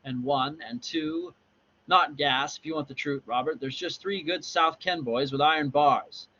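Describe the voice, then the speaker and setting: A man's voice: fairly high pitch, lively intonation, a little slow, sharp tone, slight background noise, pitched above the performer's own voice, heavily acted. A male lecturer voicing a threatening police boss from a graphic novel, speaking with cold contempt, on a dull recording. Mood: menacing.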